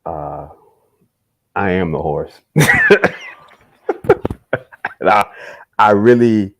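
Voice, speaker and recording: Slow, deep-voiced male host. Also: lively intonation. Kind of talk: casual interview chat. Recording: dull lo-fi audio.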